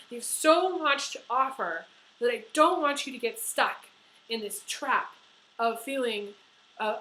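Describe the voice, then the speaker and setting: A woman's voice: fairly high pitch, bright, forceful tone, a little hiss or hum, rough recording. A woman giving a tarot horoscope reading, talking earnestly and emotionally with many fillers and restarts. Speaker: tarot reader.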